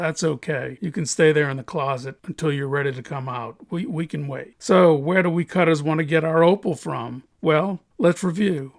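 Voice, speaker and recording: A man's voice: fairly high pitch, creaky. A man who cuts opal, explaining his craft to viewers in a chatty tutorial full of jokes and self-deprecating asides. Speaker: opal cutter. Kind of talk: hobby tutorial monologue.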